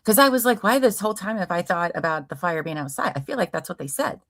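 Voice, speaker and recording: A woman's voice: on the low side, expressive, quick pace, fairly bright tone, no echo. A woman from Ohio hosting a casual true crime livestream, chatting and reading viewer comments aloud. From Ohio, USA. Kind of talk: casual chat.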